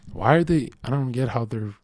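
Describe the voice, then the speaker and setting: A man's voice: mid-range voice, darkish tone, no room sound, studio quality. A man streaming, reacting to chat and reading messages aloud, in a brash, profane, boastful way, rambling and acting out bits of dialogue.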